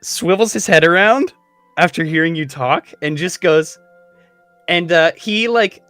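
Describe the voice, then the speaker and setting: A man narrating as game master of a tabletop game, talking in an unhurried, halting way with many fillers. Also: fairly high pitch, sharp tone, dry recording, soft background music.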